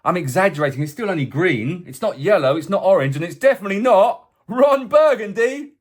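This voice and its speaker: A man with a slightly raised pitch talks through a weekly weather forecast in a loose, conversational way. He pitches boat tours as he goes and keeps dropping in jokey asides. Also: expressive, a little fast. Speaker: boat tour company presenter. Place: indoors, away from the tour base.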